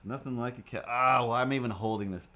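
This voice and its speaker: A man's voice: mid-range voice, fast. Rambling, playful man on a live stream. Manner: animated, playful, slips into silly voices. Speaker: streamer drawing comics.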